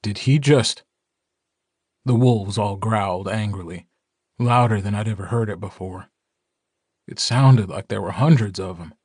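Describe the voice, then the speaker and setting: A man narrating a fantasy audiobook in the first person, measured and dramatic. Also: on the low side, darkish tone, slightly rough, no echo, studio quality.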